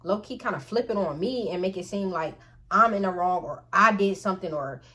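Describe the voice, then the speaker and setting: A woman's voice: medium pitch, fairly quick, pushed and bright, slight background noise. A woman telling a casual, profane storytime straight to her viewers. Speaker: storytime vlogger.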